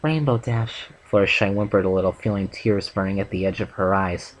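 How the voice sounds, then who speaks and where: A man's voice: sits low, completely flat delivery, fast, poor audio. A man reading a fanfic aloud for his channel in a plain way, with a few stumbles and restarts. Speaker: channel host and fanfic reader.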